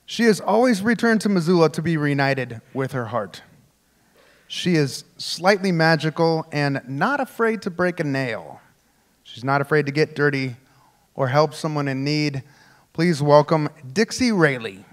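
A man hosts a live storytelling show and reads a warm, scripted introduction. His voice sits a little high for a man. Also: expressive, measured pace. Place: theater stage before a live audience.

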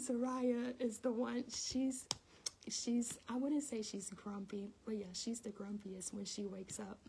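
A woman's voice: on the high side, steady tone, unhurried, vocal fry, warm tone, slight background noise. A middle-aged woman hosting an early-morning devotional livestream, chatting casually with viewers and laughing often while she tells a story.

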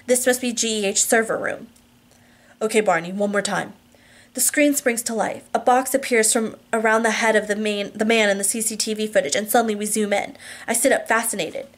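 A woman's voice: on the high side, little pitch movement, brisk, few pauses. A woman reading a romance novel aloud, with frequent restarts and slips. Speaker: audiobook reader.

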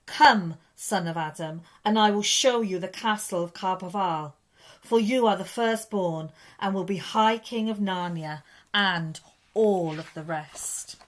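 A woman voicing a noble, solemn male lion king in a storybook reading, speaking slowly and gravely. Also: mid-range voice, close to an everyday voice.

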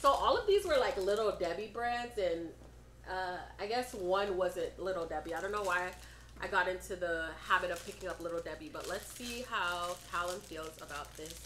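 A young American woman chatting casually while taste-testing snacks, asking quick questions. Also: fairly low pitch, roomy sound, noisy background. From United States. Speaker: co-host.

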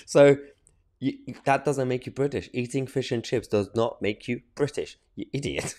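A man's voice: medium pitch, sing-song, moderate pace, a little mellow. A man giving opinionated online commentary on a TV debate, mocking and exasperated, laughing between his points. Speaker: political commentator reacting to a TV clip.

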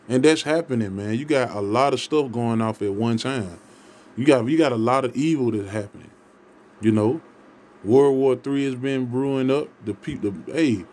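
A man's voice: medium pitch, darkish tone. A man preaching a scripture sermon, reading verses aloud and stressing each point with repeated words and "okay?" checks. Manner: emphatic, repetitive, ends points with "okay?".

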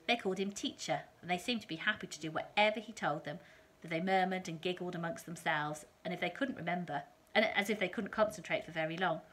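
Woman, lowish voice, calm reader, children's novel, steady. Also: fast talker, few pauses. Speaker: teacher reading aloud. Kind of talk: reading a children's novel aloud.

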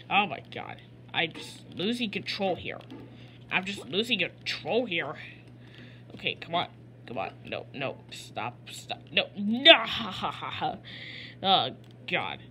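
A woman voicing an excitable male cowboy toy sheriff in gameplay commentary, repeating and sputtering words. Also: mid-range voice, slow, a little hiss or hum. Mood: frustrated. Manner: repeats phrases over and over, sputters and stammers. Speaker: gamer playing in character.

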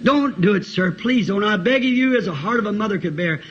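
A woman's voice: mid-range voice, lively intonation, a little fast, natural voice. A man voicing a mother who earnestly begs for her son's life, on a dull lo-fi 1960s tape. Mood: pleading. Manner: earnest, imploring.

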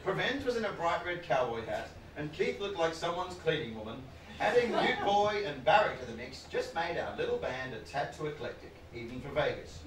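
A male comedian telling a story live on stage, with an animated, punchy delivery and sudden loud outbursts. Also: on the high side, brisk. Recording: echoey, distant, noisy room mic.

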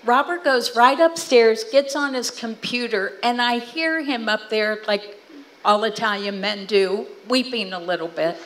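A woman's voice: on the high side, measured pace, low-quality recording. A middle-aged woman telling family stories to a church audience, acting out what family members said. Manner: animated storytelling, acting out quoted family talk. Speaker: guest speaker. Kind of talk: storytelling talk to a church audience.

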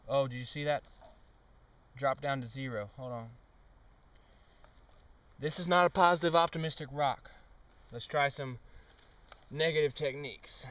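A young man giving a deadpan, mock-serious comic monologue outdoors, with sudden loud outbursts. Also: a little high, normal speed, pauses often, recorded from a distance. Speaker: amateur experimenter. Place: outdoors on a trail.

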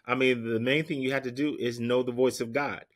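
A man's voice: mid-range voice, steady tone, fairly quick. A man, a guest minister, giving emphatic preaching-style answers in an interview, repeating his key points in a teaching cadence.

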